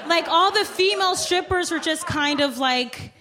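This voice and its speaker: A woman's voice: very high voice, normal speed, a crowd in the background, noisy background. A woman in her thirties hosting a comedy show, telling a story in chatty banter full of "like". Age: 30s. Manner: chatty, heavy use of "like".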